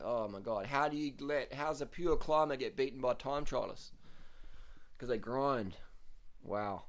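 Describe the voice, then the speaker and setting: A man giving casual, blunt commentary over race footage, swearing freely, repeating himself and getting loud when worked up. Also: mid-range voice, normal speed.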